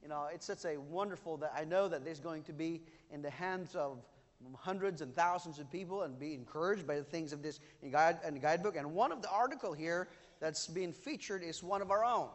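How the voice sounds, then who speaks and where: A man's voice: on the high side, brisk. A man preaching a sermon as pastor, earnest and emphatic in his delivery. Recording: long hall reverb.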